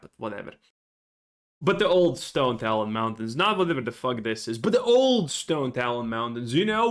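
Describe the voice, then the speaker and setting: A man's voice: on the high side, a bit bright. A man giving ranting gameplay commentary, frustrated and profane. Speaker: gaming channel host.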